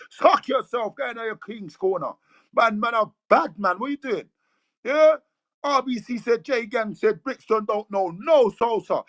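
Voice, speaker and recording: A man's voice: extremely high pitch, fairly bright tone, no room sound. A man with a London accent ranting aggressively in slang, boasting and calling people out. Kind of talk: heated rant.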